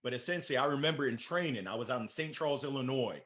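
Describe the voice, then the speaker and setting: A man from Maryland, a podcast guest, telling stories in a playful, energetic, animated way. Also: medium pitch, fast talker. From Maryland, USA. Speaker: podcast guest, sales director. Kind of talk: casual interview storytelling.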